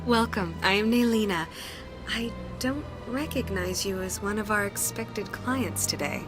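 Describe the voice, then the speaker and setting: A woman's voice: medium pitch, animated, unhurried, close to an everyday voice. An actress playing a polite, formal female alien receptionist in a video game, heard as game audio with music behind. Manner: courteous, formal.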